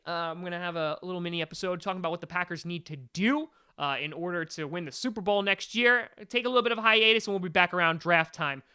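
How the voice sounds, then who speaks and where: A man with a crisp, bright, fairly high voice hosts a sports show. He rants with exasperated emphasis, pressing each argument as though the debate is beneath him. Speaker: sports podcast host. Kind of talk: opinionated sports rant.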